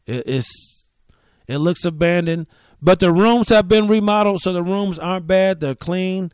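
A man's voice: high-pitched, normal speed, darkish tone, smooth, no echo, clean studio sound. A man hosting a comedy podcast, telling road stories in a loose, profane, joking ramble. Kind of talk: casual solo storytelling.

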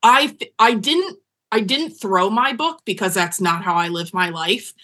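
A woman co-hosting a casual book podcast, gushing and excitable as she reacts to the story. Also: medium pitch. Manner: excitable, gushing, quick bursts of enthusiasm. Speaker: podcast co-host.

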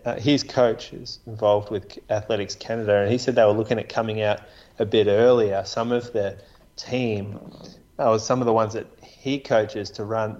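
A man's voice: on the low side, a little mellow, highs cut off. A man co-hosting a podcast, rambling casually with restarts and many "like"s. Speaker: podcast co-host. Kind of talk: casual chat about running.

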